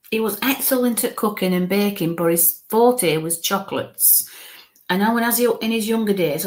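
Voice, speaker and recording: Hushed, halting woman medium. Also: medium pitch. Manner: halting, coaxing, murmurs soft asides. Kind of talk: live spirit reading.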